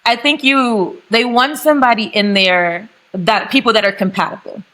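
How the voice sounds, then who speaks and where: A woman's voice: fairly high pitch, steady tone, moderate pace, pushed and bright, poor audio. A young woman with a St. Louis accent talks candidly on a video call. She is a guest on a podcast, and she chats freely and laughs easily. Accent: St. Louis, Missouri. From St. Louis, United States. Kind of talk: casual podcast chat over video call.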